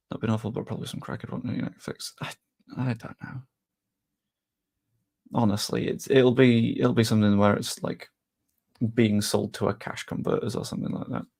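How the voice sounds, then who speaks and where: A man's voice: mid-range voice, vocal fry. A man chatting casually on a live stream, rambling a little and answering viewers' messages. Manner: rambling, reads chat aloud and answers it.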